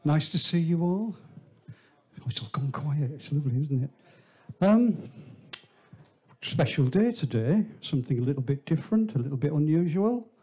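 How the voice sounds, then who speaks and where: A man with a mellow, relaxed voice warms up a small theatre crowd. He chats and teases, spinning a long joke about the performer. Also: a little high, normal speed, husky. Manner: chatty, teasing, tells a shaggy-dog joke. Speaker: venue host introducing the performer. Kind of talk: joking live introduction. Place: small theatre, live audience.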